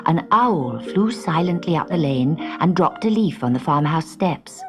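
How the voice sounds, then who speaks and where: A woman narrating a children's story in an expressive, dramatic way. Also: low-pitched, a little slow, few pauses, music in the background. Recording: noisy recording.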